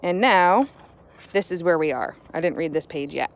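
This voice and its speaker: A woman teacher speaking warmly and directly to children in a friendly, encouraging morning message. She talks in a relaxed, chatty way, recorded outdoors on a porch. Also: on the low side, moderate pace, vocal fry. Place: outdoors on a home porch by woods.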